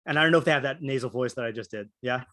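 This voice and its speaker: A man's voice: medium pitch, very fast, bright, forceful tone. A man teaching a Torah class, thinking aloud through many fillers and restarts while calling on students. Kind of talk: interactive Torah class discussion.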